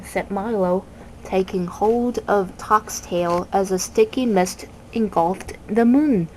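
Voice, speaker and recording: A woman reads a children's novel aloud at an unhurried, deliberate pace, pausing over phrases and now and then restarting a word. Her voice sits at a middle pitch. A faint hiss of background noise lies underneath. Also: low-quality recording. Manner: slow, measured reading with small restarts. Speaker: reader.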